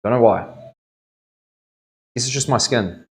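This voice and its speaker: A man's voice: mid-range voice, unhurried. A young man, a tattoo artist chatting casually on a stream and telling rambling stories full of slang. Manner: laid-back, rambling storyteller full of "like", "bro" and "eh". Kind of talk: casual chat.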